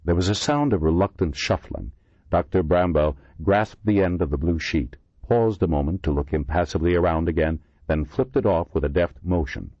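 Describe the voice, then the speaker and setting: A man narrating an audiobook in measured storytelling, voicing the characters himself. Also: sits low, a little mellow, dry recording, muffled recording. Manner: measured storytelling with many voices. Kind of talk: scripted narration.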